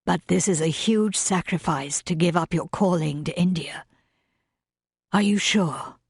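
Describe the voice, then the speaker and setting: A woman voicing a sincere, humble gentleman suitor in an audiobook reading. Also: lowish voice, a little slow, vocal fry, breathy edge, no room sound, clean studio sound, exaggerated voice. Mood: earnest. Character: earnest gentleman suitor, man, heartfelt and humble. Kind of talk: audiobook narration.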